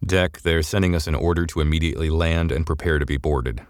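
A narrator voicing a focused male starship pilot in an audio serial, clipped and urgent. His very deep voice sounds dry and close. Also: quick pace, no room sound. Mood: tense.

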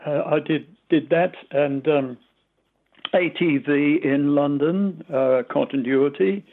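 A man in his eighties with a mild Australian accent, a retired radio presenter reminiscing in an interview, rambling and halting with many fillers. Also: a little high, narrow, tinny audio, slight background noise. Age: 80s.

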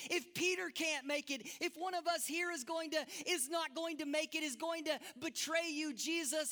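A man's voice: extremely high pitch, pushed and bright, voice pushed up, full character voice. A man voicing Thomas as an anxious, doubting disciple who pleads for answers. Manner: pleading, worried. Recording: long reverb of a large hall.

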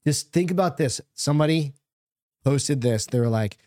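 A man's voice: on the high side, normal speed, mellow, dry recording, studio quality. A man co-hosting a podcast, telling stories in a loose, rambling way with plenty of swearing. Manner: loose and profane, rambling storytelling. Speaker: podcast co-host. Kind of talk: casual chat.

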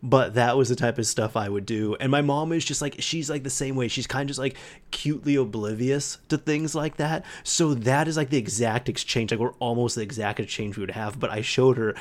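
A man hosting a casual podcast, telling stories in a chatty, animated way. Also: medium pitch, brisk. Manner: chatty storyteller, animated retellings. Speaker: podcast host. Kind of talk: casual chat.

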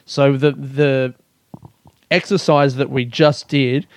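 A young man talking on his own podcast, rambling and swearing, laughing at himself between thoughts. His voice is smooth and full, with a mid-pitched tone. The sound is close and dry, with no room around it. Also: fairly even intonation, takes it slowly, dry recording. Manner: rambling, swears, laughs often, self-mocking. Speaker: podcast host. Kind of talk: casual solo podcast chat.

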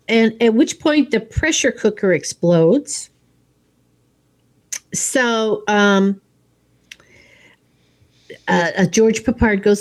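Woman co-host, mid-pitched, easy conversational plot recap. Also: takes it slowly, long pauses. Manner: retells scenes, quoting lines in brief voices. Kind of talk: casual chat retelling a film's plot.

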